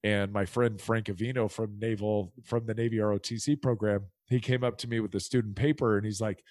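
A middle-aged American who used to play football tells his story as a guest on a casual podcast interview, acting out the people he quotes with lively energy. His voice is lowish and he talks a little fast with hardly any pauses, recorded with no echo.

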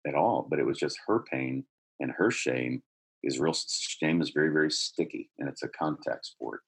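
A middle-aged man with a husky voice, earnestly telling a personal story in conversation, growing more animated as he goes. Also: extremely low pitch, normal speed. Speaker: guest telling his life story.

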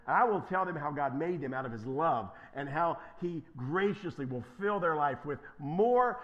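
A male pastor preaching with fervor, his voice riding high and leaping all over the place. He drops to quiet asides, then surges into loud, emphatic declarations. The recording sounds dull and lo-fi. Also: lively intonation, moderate pace. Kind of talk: sermon.

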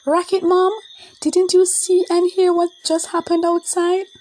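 A woman voicing an excitable, curious young girl who squeals and exclaims her questions in a children's storybook. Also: very high-pitched, measured pace, voice pushed up. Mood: pleading.

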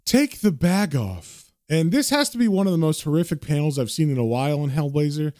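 A man's voice: on the high side, fast talker, dark tone, no room sound, clean studio sound. Man casually narrating a comic recap. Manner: casual, descriptive storytelling. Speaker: comic book reviewer.

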